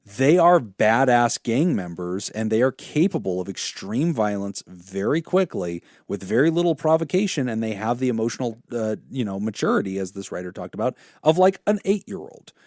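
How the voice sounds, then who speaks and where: Animated male therapist telling a story. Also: lowish voice, moderate pace, few pauses, no echo, clean studio sound. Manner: animated storyteller, swears freely. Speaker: therapist and podcast co-host. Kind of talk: casual podcast chat, telling a story.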